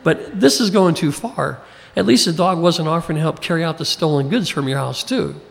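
A man's voice: on the high side, a little fast, creaky, in a large hall. A man preaching a sermon in a folksy way, chuckling often as he reads scripture aloud and acts out the quotes. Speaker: pastor.

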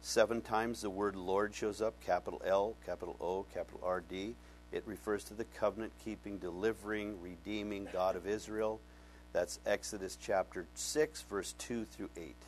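A man preaching a Bible-teaching sermon, animated and conversational, often asking his congregation questions. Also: fairly low pitch, normal speed, soft background music. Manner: conversational, folksy. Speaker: pastor.

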